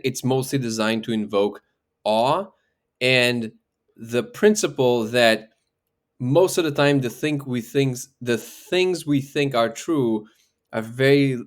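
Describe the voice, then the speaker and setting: A man's voice: medium pitch, measured pace. A man being interviewed as a guest researcher, explaining ideas in casual conversation. He thinks aloud, restarts his sentences and often checks in with "right?".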